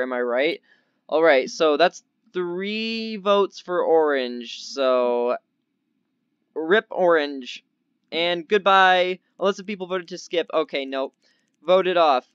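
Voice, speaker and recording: Excitable young man gaming, slightly dull mic. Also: a little high, smooth, dry recording. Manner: excitable, easily startled, chatty; doing a slightly odd put-on accent. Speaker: gaming YouTuber. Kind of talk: casual gameplay commentary.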